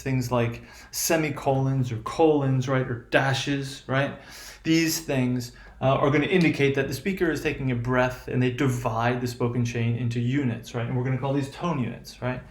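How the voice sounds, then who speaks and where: A man's voice: mid-range voice, steady tone, moderate pace. A man with an American accent teaching a class on intonation, hesitant, with many fillers and frequent "right?" checks. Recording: echoey room.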